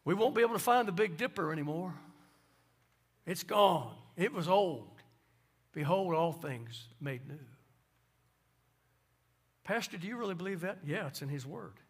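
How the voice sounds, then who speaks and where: A male pastor, preaching a sermon and swinging from soft asides to loud emphasis. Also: fairly high pitch, lively intonation, normal speed, breathy edge.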